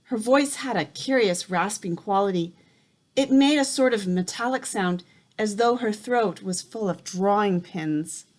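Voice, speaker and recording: A woman reading a children's novel aloud in a calm, steady narrating voice. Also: medium pitch, measured pace. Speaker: reader. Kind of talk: storybook read-aloud.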